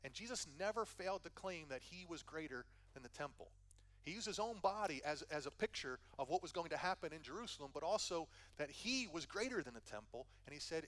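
A man teaching a sermon in a relaxed, conversational way, with a slightly high voice. He is earnest and explains as he goes, often restarting a phrase and tossing in a quick "right?" to his listeners. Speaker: pastor.

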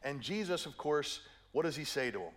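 Man, middle-aged, preacher, sermon, slightly high voice, playful, acts out quotes. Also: animated, brisk, fairly bright tone. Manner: playful storytelling, acts out quotes, keeps asking "right?".

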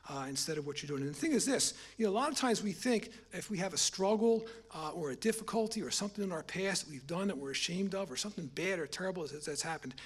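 A middle-aged man preaching a personal testimony sermon, halting and repeating his words, rising in volume on key points. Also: high voice, expressive, breathy edge.

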